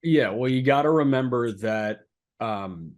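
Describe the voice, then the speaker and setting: A man co-hosting a relaxed sports podcast, speaking into a podcast microphone at a mid pitch. He talks in an animated, incredulous way, and his voice climbs high whenever he drives a point home. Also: a little slow. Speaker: co-host. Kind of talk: casual sports podcast chat.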